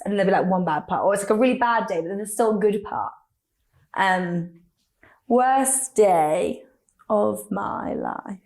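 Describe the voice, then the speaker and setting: A young woman, a radio presenter, chats through personal stories in a lively, laughing way, slipping into quoted voices. Her voice sits at an ordinary pitch. The room around her rings with an echo. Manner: chatty, laughing, animated storytelling with acted quotes. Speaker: radio presenter, interview guest. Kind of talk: casual interview chat. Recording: echoey room.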